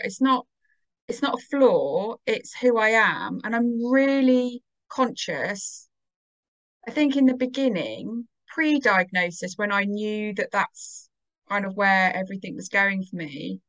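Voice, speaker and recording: A woman as a podcast guest, talking in a casual, animated way and acting out her own inner dialogue. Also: fairly high pitch, normal speed. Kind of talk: casual conversation.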